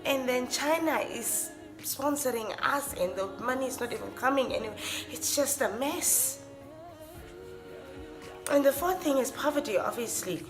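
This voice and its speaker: A woman's voice: high-pitched, animated, normal speed. A young woman, ranting with feeling in a vlog, often restarting and repeating her phrases. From Namibia. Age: young adult. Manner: impassioned, repetitive, restarts phrases. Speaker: vlogger. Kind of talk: emotional rant to camera. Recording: music playing under the voice.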